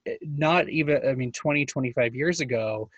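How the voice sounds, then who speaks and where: A man's voice: medium pitch, moderate pace, dry recording, dull audio. A male radio host thanking a guest on live radio, chatty and rambling into a comment.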